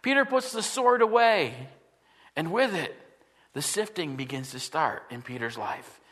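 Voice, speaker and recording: High-voiced man preaching a sermon. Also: animated, unhurried, a bit bright. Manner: earnest, asks rhetorical questions, acts out biblical quotes. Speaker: pastor.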